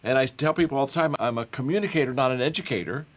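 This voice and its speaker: An older man, a guest author in an interview, speaking in a warm storytelling way with frequent repeated words. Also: mid-range voice, very fast. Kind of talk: conversational interview.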